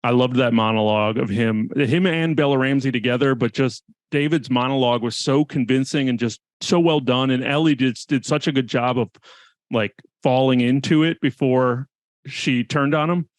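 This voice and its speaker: A man's voice: medium pitch, normal speed, dry recording. A man co-hosting a casual podcast chat, talking in an enthusiastic, laid-back, joking way. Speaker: podcast co-host.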